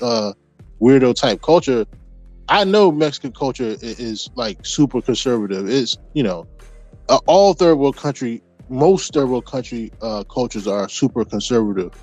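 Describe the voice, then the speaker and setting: A man's voice: medium pitch, expressive, normal speed, darkish tone, no echo, soft background music. A man talking casually as podcast host, rambling with lots of restarts and fillers. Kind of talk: casual chat. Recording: dull lo-fi audio.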